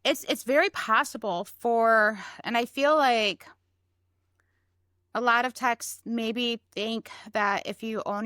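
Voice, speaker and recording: A woman's voice: medium pitch, a bit bright, no echo, clean studio sound. A woman co-hosting a casual podcast, a mobile vet tech reflecting in a thoughtful way.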